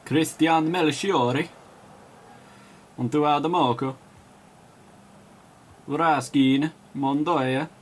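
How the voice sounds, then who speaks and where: Male play-by-play commentator, slightly high voice, calls names in quick bursts and yells on goals, faint noise in the background. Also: steady tone. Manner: chats and laughs with viewers between calls. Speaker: match commentator.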